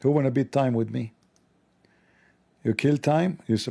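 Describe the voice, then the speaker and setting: A man hosting a livestream, talking in a sarcastic, mocking comedic monologue with a gravelly voice. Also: medium pitch, moderate pace, long pauses, mellow. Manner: sarcastic, mocking, acts out dialogues. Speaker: livestream host.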